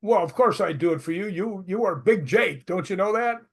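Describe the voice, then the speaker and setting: This paranormal investigator guest has a gravelly voice that sits high, with lively intonation and a moderate pace. Being interviewed casually, he shares stories chattily and laughs a lot.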